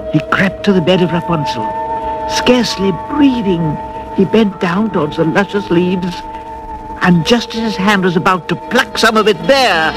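A man narrating a fairy tale for a children's record in an expressive, lilting way, dwelling on words. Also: high voice, poor audio. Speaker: storyteller.

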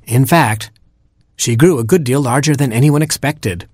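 A man's voice: medium pitch, moderate pace, a little mellow, no echo, clean studio sound. Wry man reading a story aloud.

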